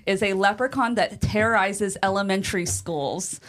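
Female co-host, middle pitch, easygoing, quick to laugh, casual storytelling. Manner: laughs often, relaxed with fillers. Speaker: podcast co-host. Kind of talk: casual chat mixing read facts.

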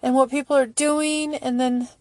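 A middle-aged woman with a slightly high voice chats casually and emotionally, easily touched and full of praise. She reads lines aloud slowly and carefully. The sound is close and dry, with no room echo. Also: steady tone, darkish tone. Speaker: fan vlogger reading charity posts. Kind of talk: casual on-screen commentary.

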